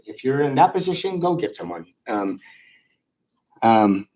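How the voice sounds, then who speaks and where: A man's voice: medium pitch, very animated, measured pace, a little mellow, slightly rough. A man lecturing on psychiatry in a conversational way, with frequent fillers and restarts. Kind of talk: clinical lecture. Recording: dull lo-fi lecture recording.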